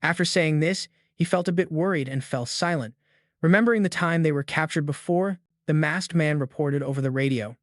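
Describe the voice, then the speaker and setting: A man's voice: a little high, a little fast, dry recording. Man narrating a comic recap, dry sound.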